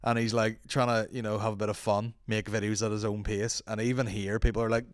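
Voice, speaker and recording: A man's voice: lowish voice, little pitch movement, brisk, few pauses, clear, resonant tone, no echo, studio quality. An Irish man hosting a solo podcast, joking and swearing, and slipping into mock accents. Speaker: podcast host.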